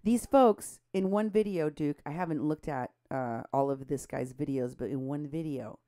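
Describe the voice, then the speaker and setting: A woman co-hosting a political talk show, animated and indignant, her voice jumping up when she is outraged. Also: deep voice, moderate pace. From Mexico. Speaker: co-host.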